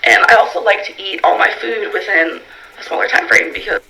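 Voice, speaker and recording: Bright, gravelly-voiced woman vlogger rambling. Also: medium pitch, fairly quick, soft background music, rough recording. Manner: rambling, filler-heavy, reads viewer questions aloud. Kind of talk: casual Q&A vlog.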